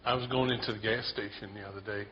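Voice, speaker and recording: A man telling a casual, self-deprecating story to a church group in a relaxed way. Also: on the low side, quick pace. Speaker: church member sharing a story. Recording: dull lo-fi sound with faint noise.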